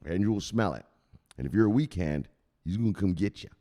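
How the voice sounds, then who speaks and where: A man's voice: deep voice, lively intonation, fairly quick, dark tone. A man hosting a crypto news show, talking casually, joking, swearing and laughing often. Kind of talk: casual vlog commentary.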